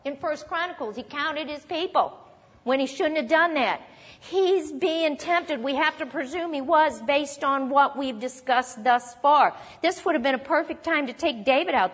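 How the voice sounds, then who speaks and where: A woman teaching a sermon on a psalm, expressive and lively, acting out quoted lines. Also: high voice, moderate pace, long reverb tail. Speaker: Bible teacher.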